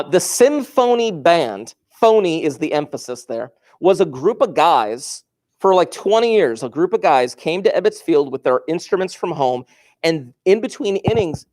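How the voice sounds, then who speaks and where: A man's voice: fairly high pitch, darkish tone. Chatty male teacher telling classroom stories. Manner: chatty, digressive, asks the class questions. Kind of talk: classroom lecture, storytelling.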